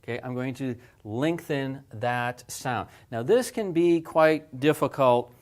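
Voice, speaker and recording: Guy teaching a lesson, patient, says example words over n over, mid-pitch voice. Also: expressive. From English-speaking. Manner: explaining patiently, repeats example words slowly. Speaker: language teacher. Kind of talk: recorded lesson.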